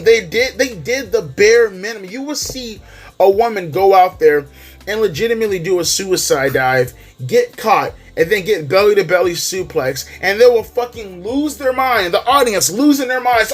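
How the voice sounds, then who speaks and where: D4: ranting wrestling vlogger, heated, constant swearing, emphatic, mid pitch, faint background music. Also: lively intonation, normal speed. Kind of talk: profane ranting commentary.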